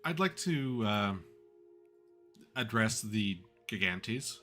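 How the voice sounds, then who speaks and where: A man's voice: on the low side, lively intonation, takes it slowly, bright, forceful tone, soft background music. A man playing a tabletop game who laughs often. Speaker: player. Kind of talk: casual tabletop game play.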